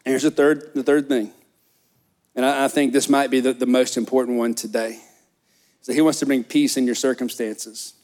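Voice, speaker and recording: A middle-aged man, preaching a sermon as pastor in a church, telling stories with lively animation. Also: mid-range voice, normal speed. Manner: animated storytelling, acts out disciples' excited chatter. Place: church sanctuary.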